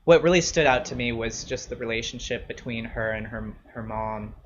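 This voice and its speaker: A man's voice: mid-range voice, moderate pace, a bit bright, dull audio, a little hiss or hum. A man hosting a show, chatting casually with many fillers. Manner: laid-back, many fillers like 'like' and 'you know'. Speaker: podcast host. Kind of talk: casual interview chat.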